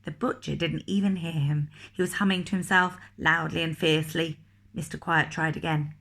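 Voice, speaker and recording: A woman reading a picture book aloud to children, expressive and asking the listener questions. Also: sits low, normal speed, creaky. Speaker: teacher reading a story to children.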